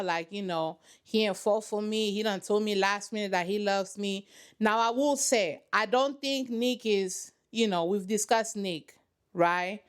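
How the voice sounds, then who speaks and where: A woman hosting a reaction channel, giving sassy, dramatic running commentary on a reality show from her couch at home. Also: mid-range voice.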